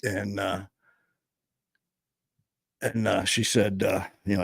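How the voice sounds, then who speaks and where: A man telling a personal story, candid and blunt, swearing freely and pausing often. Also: fairly low pitch, little pitch movement, creaky, slightly rough, no echo. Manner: halting, full of fillers and restarts.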